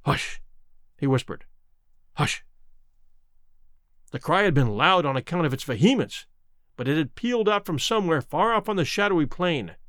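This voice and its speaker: A man narrating a classic novel as an audiobook in a dramatic, expressive way. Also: a little high, fairly quick, no room sound, studio quality.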